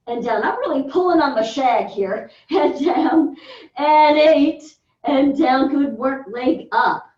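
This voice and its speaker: A woman's voice: fairly high pitch, a little mellow. A woman fitness instructor leading a floor workout in a carpeted room, calling out counts and upbeat encouragement. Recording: echoey room, distant dull mic.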